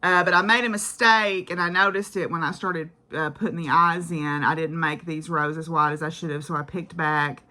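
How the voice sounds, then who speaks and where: A woman's voice: low-pitched, fairly even intonation, moderate pace, hardly any pauses, pushed and bright. A woman vlogging casually about her craft projects, chatty and rambling, with frequent fillers.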